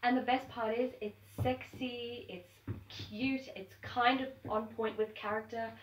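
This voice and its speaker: Young woman vlogger, chatty and upbeat, kinda high voice, mic a bit far off. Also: steady tone, a little slow, slight background noise. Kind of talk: casual to-camera chat. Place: at home indoors. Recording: roomy sound from a distance.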